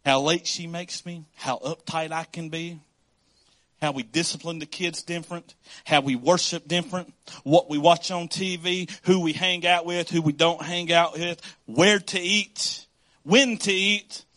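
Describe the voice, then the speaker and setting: A man's voice: a little high, fairly even intonation, unhurried, a bit bright. A middle-aged male pastor preaching a sermon, telling stories about his marriage with laughs and acted-out quotes.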